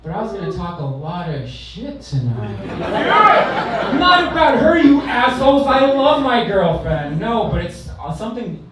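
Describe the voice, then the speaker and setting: A man's voice: sits high, lively intonation, unhurried, a crowd in the background. A man from California's San Fernando Valley doing a stand-up set on a comedy club stage, delivering brash, profane, self-deprecating punchlines. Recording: roomy live club sound from a distance.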